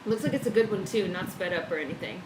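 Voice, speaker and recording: A woman's voice: medium pitch, quick pace. A woman chatting casually on a live stream, swearing freely and reading out viewer messages from home. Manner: chatty, swears freely, reads chat aloud. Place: home room, indoors. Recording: echoey room with faint background noise.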